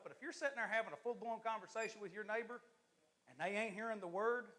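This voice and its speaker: Man, assistant pastor, sermon in church, very high pitch, lively and joking. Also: fast talker. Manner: lively, joking and preaching to the congregation.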